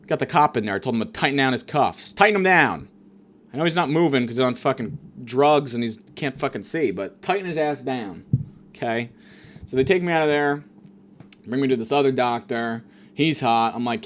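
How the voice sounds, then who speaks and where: New guy ranting a crude story, bouncy pitch, keeps doing mocking voices. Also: expressive, normal speed. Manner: profane, exasperated, mocking voices of others. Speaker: comedian telling a story. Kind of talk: stand-up storytelling.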